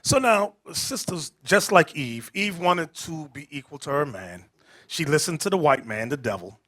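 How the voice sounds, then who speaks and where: A man teaching a Bible class, preaching emphatically, calling out to the room and rising to shouts, with casual street-style asides. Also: a little high, moderate pace. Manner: animated and emphatic, calls out to the room, rises to shouting.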